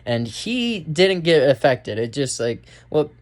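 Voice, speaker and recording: A man's voice: a little high, big pitch swings, slow pace. Young male vlogger, casual film review, rambly delivery with lots of "like" and "um". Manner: rambling, many fillers and restarts. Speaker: movie reviewer.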